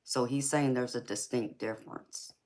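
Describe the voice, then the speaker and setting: A tarot reader and livestream host with a Southern US accent speaks in an extremely low, a little mellow voice with fairly even intonation at a moderate pace. Laid-back and giggly, she laughs often on her casual stream and calls her viewers baby and honey.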